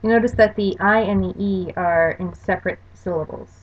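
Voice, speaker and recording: A woman's voice: medium pitch, normal speed. Woman lecturing over slides, lo-fi. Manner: explanatory, careful spelling-out of examples. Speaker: language course lecturer. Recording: dull lo-fi recording.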